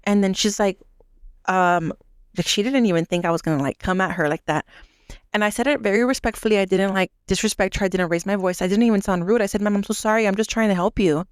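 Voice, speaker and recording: Animated young woman with a smooth voice. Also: medium pitch, quick pace, dry recording, studio quality. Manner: animated, acts out quotes, heavy use of "like". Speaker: podcast co-host; restaurant manager. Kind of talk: casual storytelling chat.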